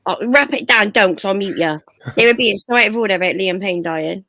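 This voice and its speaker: A woman's voice: medium pitch, expressive, brisk, fairly bright tone, dry recording. A woman co-hosting a late-night chat, blunt and sweary. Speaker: co-host.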